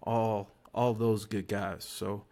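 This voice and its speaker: A man's voice: on the low side, little pitch movement, takes it slowly, dark tone. A man hosting a podcast in casual chat, a little tipsy, talking in a laid-back, slangy, joking way. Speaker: podcast host.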